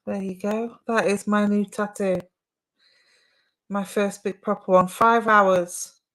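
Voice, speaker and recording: A woman's voice: medium pitch, fairly even intonation, slow, poor audio. A young woman hosting a casual live stream, chatting to viewers and giving psychic readings with plenty of fillers. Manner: chatty, warm replies to viewer comments with frequent fillers.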